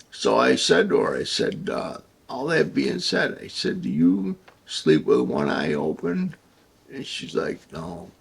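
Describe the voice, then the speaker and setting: A man casually telling a rambling, crude anecdote with halting starts. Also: low voice, creaky. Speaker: storyteller.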